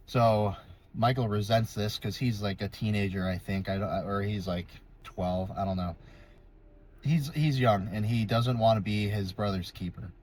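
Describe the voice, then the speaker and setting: A man's voice: on the low side, darkish tone, slight background noise. A young man explaining a game's story from memory, casual and rambling, with many ums and self-corrections. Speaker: video creator.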